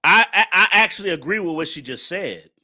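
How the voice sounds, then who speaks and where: A man hosting a casual live stream, answering his chat with teasing jabs and frequent laughter. His voice is bright and sharp, and his pitch swings widely as he talks. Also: lively intonation, fairly quick.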